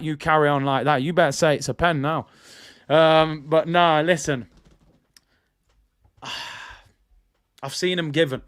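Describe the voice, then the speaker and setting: Young man, raised pitch, live match watch-along host, insistent and repetitive. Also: measured pace, long pauses, clean tone. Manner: animated, repeats himself, argues with chat. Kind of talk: casual live match commentary.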